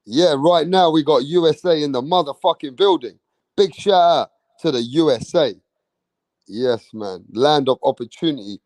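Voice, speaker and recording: A man's voice: fairly high pitch, moderate pace, no echo. A young man hosting a livestream, chatting brashly with lots of swearing and as he reads out viewer comments. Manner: brash, swearing, slangy, loud hype bursts. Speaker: livestream host. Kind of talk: casual livestream chat reading viewer comments.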